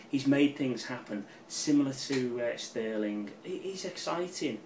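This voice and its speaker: A middle-aged man giving a casual, rambling football match preview, excitable and swearing freely. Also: mid-range voice, measured pace, recorded from a distance, a little hiss or hum. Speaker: football fan channel pundit. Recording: roomy, off-mic with faint ambience.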